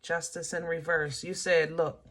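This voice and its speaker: A woman's voice: mid-range voice, animated, unhurried, very noisy. A woman giving a casual spoken tarot reading, testifying like a preacher and checking in with her listeners. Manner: preachy and testifying, checks in with "okay?" and "you understand?"; playful asides and laughter between serious points. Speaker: tarot reader.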